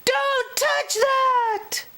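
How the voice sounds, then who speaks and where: A woman's voice: low voice, big pitch swings, extremely slow, heavily acted. A woman voicing a worried, protective father in a picture-book story, pleading and exasperated.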